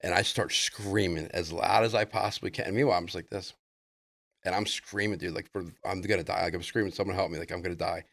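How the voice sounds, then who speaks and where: A man telling a rambling personal story as a podcast guest in casual chat, loose and excitable, full of "like" and "dude". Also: low-pitched, brisk, gravelly, no room sound, studio quality.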